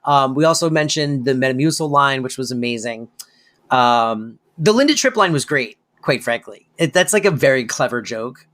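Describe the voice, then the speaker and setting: A man's voice: medium pitch, expressive, normal speed, fairly bright tone. A man co-hosting a podcast in casual chat, talking in a loose, hesitant way with many fillers. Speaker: podcast co-host.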